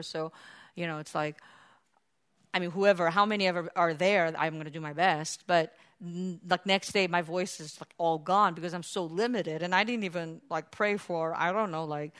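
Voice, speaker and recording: A woman preaching a sermon, with conversational asides full of fillers, swelling into impassioned cries as she acts out scripture. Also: fairly low pitch. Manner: impassioned, rising to loud cries when acting out scripture.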